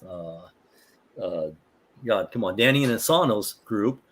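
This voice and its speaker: An older man, a martial arts instructor, chatting as a guest in a rambling, animated way with many fillers and restarts. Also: on the low side, a little slow. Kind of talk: casual storytelling.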